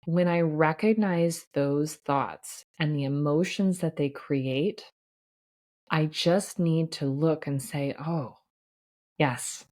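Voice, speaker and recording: A woman's voice: low-pitched, slow, darkish tone. A woman hosting a solo podcast as a life coach, talking in an earnest, reassuring way with frequent "right?" asides.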